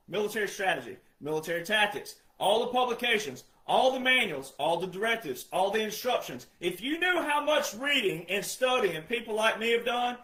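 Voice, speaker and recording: A man with an unusually high, sharp voice delivers a heated monologue. He scolds his listeners, fires off rhetorical questions and often breaks into shouting. The sound bounces around an echoey room. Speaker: online commentator. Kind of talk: ranting monologue.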